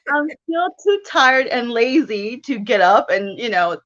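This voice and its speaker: A woman in her thirties telling a personal story in casual chat, animated and quick to laugh as she acts out her own thoughts. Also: fairly high pitch, highs cut off. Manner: chatty and animated, with laughs and self-quotes. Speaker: guest.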